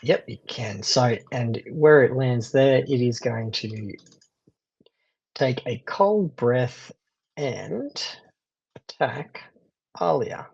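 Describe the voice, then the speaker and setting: Man game master, gravelly, husky, chatty and digressive, dull lo-fi recording. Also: mid-range voice, lively intonation, slow, pauses often, a little mellow. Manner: chatty, laughs often, digresses. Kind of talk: narrating a tabletop game.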